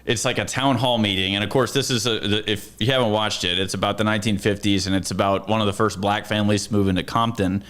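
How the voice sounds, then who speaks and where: Relaxed, chatty actor guest, male, voice sitting a bit low. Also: quick pace, few pauses. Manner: laid-back, chatty storyteller. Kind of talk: casual podcast conversation.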